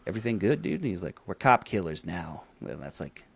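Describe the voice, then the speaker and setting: A man's voice: sits low, big pitch swings, a little fast, creaky, husky. A man co-hosting a casual movie podcast, swearing freely, laughing often and acting out scenes as he recaps the plot. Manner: profane, laughing, acts out scenes. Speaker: podcast co-host.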